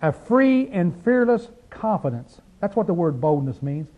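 A man teaching a Bible study like a sermon, fervent, firing rhetorical questions and dropping from loud to hushed. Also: high-pitched, sing-song, normal speed, muffled recording.

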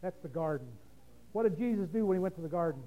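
High-voiced preacher giving a sermon. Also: male voice, lively intonation, fast talker, lo-fi sound. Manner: reads scripture then explains it, asking the listeners questions; swings between hushed low stretches and loud emphatic passages.

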